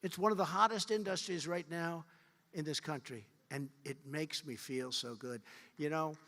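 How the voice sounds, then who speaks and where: A political speaker at a fundraiser delivers a repetitive, boastful, rambling rally speech in a fairly high, sharp voice at normal speed. He's in a large event hall, and the recording carries long hall reverb.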